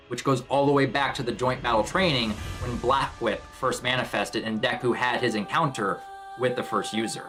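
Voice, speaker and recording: A man's voice: medium pitch, steady tone, moderate pace, fairly bright tone, soft background music. A man casually commenting on a manga chapter as he reads it aloud, narrating what happens in each panel. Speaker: manga reaction YouTuber.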